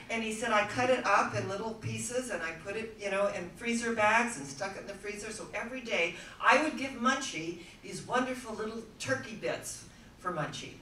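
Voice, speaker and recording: A woman speaker telling stories to a live audience and acting out the people in them. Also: mid-range voice. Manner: animated storyteller acting out quoted voices. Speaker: spiritual speaker. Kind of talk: storytelling talk to a live audience. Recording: roomy hall sound, voice from some distance, faint noise.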